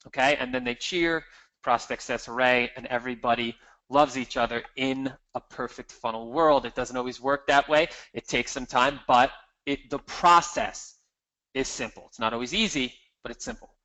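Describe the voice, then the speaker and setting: A man giving an energetic, emphatic marketing seminar, walking the audience through slides. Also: medium pitch, moderate pace, poor audio. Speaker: marketing presenter.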